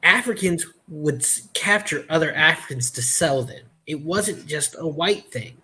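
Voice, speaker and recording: A man chatting casually on a podcast, telling stories in a halting way with many restarts and fillers. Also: on the high side, lively intonation, sharp tone. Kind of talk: casual chat.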